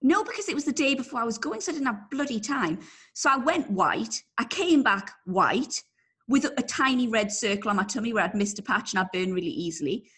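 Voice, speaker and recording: A woman in her thirties from England, co-hosting a podcast in casual chat, self-deprecating and quick to laugh. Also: on the high side, expressive, a bit bright, slightly rough. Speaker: podcast co-host.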